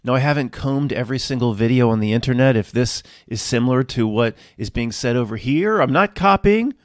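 Man, video commentator, earnest emphatic delivery, mid-pitched, dry close sound. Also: animated, brisk, no room sound. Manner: earnest, emphatic, building a theory. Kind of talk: casual commentary.

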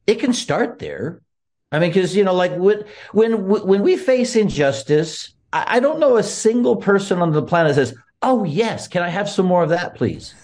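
A man's voice: high-pitched, expressive, moderate pace, a little mellow. Earnest laughing man talking faith. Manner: earnest, laughs often, many restarts. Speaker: guest. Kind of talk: casual faith talk.

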